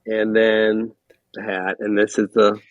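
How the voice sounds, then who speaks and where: A man, a podcast guest, telling relaxed anecdotes with small chuckles in casual chat. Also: fairly low pitch, slow, a loud crowd. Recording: dry, dull lo-fi sound.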